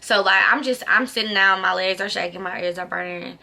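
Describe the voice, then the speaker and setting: A woman's voice: medium pitch, a little fast, creaky. A young woman vlogging a storytime, casual and profane, filling her talk with "like". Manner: casual, profane, animated retelling with filler "like". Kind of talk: storytime vlog.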